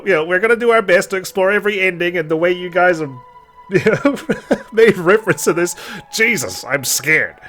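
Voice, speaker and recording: A man chatting through a let's play, jokey and animated, swinging his voice up and down. His voice is a bit higher than most men's, and faint game music plays underneath. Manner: joking, animated, reads game dialogue aloud. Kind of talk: casual gameplay commentary.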